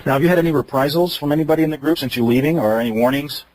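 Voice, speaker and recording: Rapid-fire male radio host. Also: fairly high pitch, background noise. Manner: conversational, rambling. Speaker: radio talk show host. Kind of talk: radio interview.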